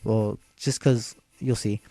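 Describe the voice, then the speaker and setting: A man's voice: lowish voice, steady tone, slow pace, vocal fry, dark tone, dry recording. A young man casually recapping a video game battle move by move in a laid-back, slangy way. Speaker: video game let's player. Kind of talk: casual gameplay recap commentary.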